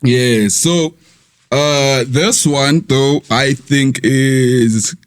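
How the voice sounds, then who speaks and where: A man's voice: mid-range voice, drawn-out words, clean tone. A man co-hosting a casual podcast chat, laughing often and saying "sure" a lot. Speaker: podcast co-host.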